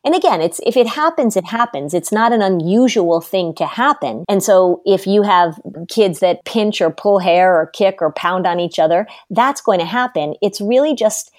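A woman's voice: medium pitch, animated, normal speed, hardly any pauses, no echo, studio quality. A middle-aged woman giving parenting advice in casual conversation, emphatic and firm, using everyday examples. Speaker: parenting expert.

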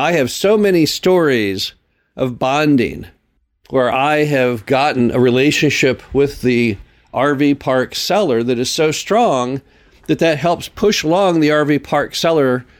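Earnest man hosting a podcast. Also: medium pitch. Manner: earnest, explanatory, leans on repeated phrases. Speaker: podcast host. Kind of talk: solo podcast talk.

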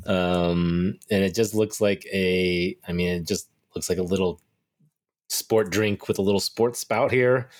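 Low-voiced man tasting a drink on a podcast. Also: steady tone, unhurried, a little mellow. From United States. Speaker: podcast co-host. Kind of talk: casual chat, product tasting.

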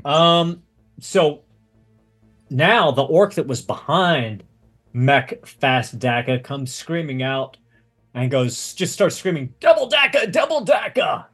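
Slow-talking male game master. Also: mid-range voice, fairly bright tone, soft background music. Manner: unhurried, explains rules step by step. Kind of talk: narrating a tabletop game.

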